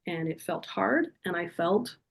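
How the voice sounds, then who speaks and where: Earnest middle-aged woman, lowish voice. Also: lively intonation, a little slow, gravelly. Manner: earnest, vivid, detailed storytelling. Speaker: podcast guest. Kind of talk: personal storytelling in an interview.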